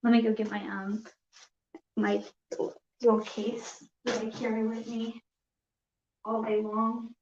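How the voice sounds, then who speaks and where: A woman chats with her viewers on a casual live stream, hesitant and nervous, full of pauses and restarts. She speaks slowly in a flat, even voice. The sound is dull and roomy, as in a home room. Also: fairly high pitch, noisy background. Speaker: yarn crafting streamer.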